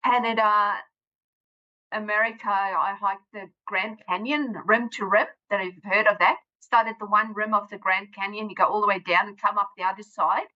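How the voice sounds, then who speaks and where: A South African woman in her fifties, chatting as an interview guest in a rambling way with quick self-corrections. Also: mid-range voice, fairly even intonation, lo-fi sound. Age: 50s. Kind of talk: casual interview chat.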